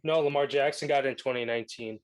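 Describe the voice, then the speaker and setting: A man's voice: mid-range voice, fairly even intonation, fast talker. A young man co-hosting a podcast, chatting casually about sports and laughing often. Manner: laughs often, loose and joking. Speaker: podcast co-host.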